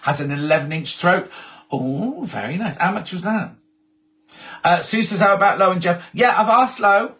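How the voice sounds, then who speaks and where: A man's voice: high voice, moderate pace, a bit bright. A man hosting a casual live stream, reading out viewer messages in a chatty, rambling way and often breaking off mid-sentence. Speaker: host.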